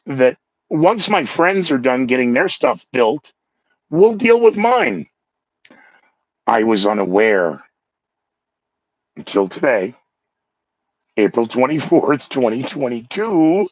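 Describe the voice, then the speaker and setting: A former radio DJ with a sore throat hosts his podcast in a casual monologue with news headlines, self-mocking and animatedly acting out coworkers he quotes. His mid-range voice is slow with frequent pauses, and the lo-fi recording sounds dull, dry, and close, with no echo.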